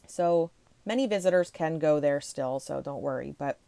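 A woman casually reading ghost stories aloud to her viewers, rushing, tripping over words and breaking off for chatty asides. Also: low-pitched, vocal fry, mellow, smooth, no echo. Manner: chatty, reads fast, stumbles and laughs at herself. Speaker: ghost-story video host.

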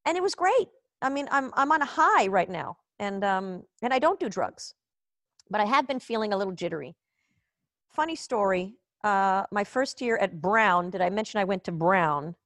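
A woman's voice: mid-range voice, animated, normal speed, a bit bright, dry recording. A woman from Israel hosting a live online comedy show from home over a video call, rambling in a chatty, profane, self-mocking way. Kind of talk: casual rambling stand-up chat.

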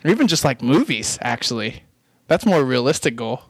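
On a dry recording, a young podcast host rambles through casual chat, poking fun at himself and laughing frequently. He speaks at normal speed with a medium pitch and big pitch swings.

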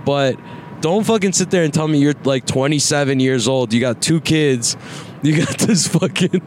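A man in his twenties, his voice on the high side and a little mellow, hosts a laid-back podcast at a moderate pace while riding in a car. He meanders, uses profanity, and laughs a lot over faint road noise.

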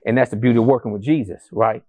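A male pastor preaching a sermon to a congregation in a church, animated and conversational, with rhetorical questions and calls to the congregation. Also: mid-range voice, fast. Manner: addresses the congregation as family, calls for responses.

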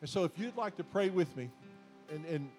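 A man preaching a sermon as pastor, exhorting his congregation in a folksy, repetitive way that builds to loud emphatic declarations. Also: fairly high pitch, lively intonation, moderate pace, faint music behind.

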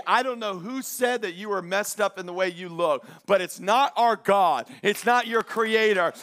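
A male pastor preaching a sermon, swinging from loud, declaring lines to quiet, intimate asides. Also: high voice, normal speed.

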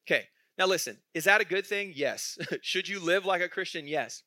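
In a clean, echo-free studio recording, a man preaches at normal speed with a high, animated, bright and forceful voice. This pastor keeps the sermon conversational, posing questions to the congregation and chuckling as he tells stories.

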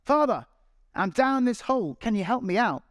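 A man voicing a desperate man stuck in a hole, calling up loudly for help. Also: very high-pitched, very animated, unhurried, no echo, studio quality, pitched above the performer's own voice, heavily acted. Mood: pleading shout.

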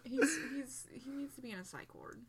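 A woman's voice: high voice, normal speed, a crowd in the background. A woman co-hosting a casual book chat, blunt and sarcastic, swearing freely. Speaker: podcast co-host.

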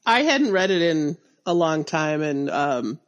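A woman on a podcast talks about a book close to a boom mic. She sounds stuffed up and has a slight spitty lisp, and her voice rises and falls a great deal as she chats and laughs. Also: big pitch swings, unhurried, highs cut off. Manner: chatty, laughs often, many restarts. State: congested. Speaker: podcast co-host. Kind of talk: casual book discussion.

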